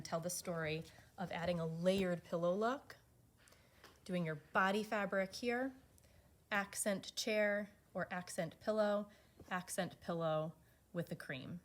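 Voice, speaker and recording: A woman giving an enthusiastic, relaxed walkthrough of furniture fabric pairings. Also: on the low side. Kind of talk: product walkthrough.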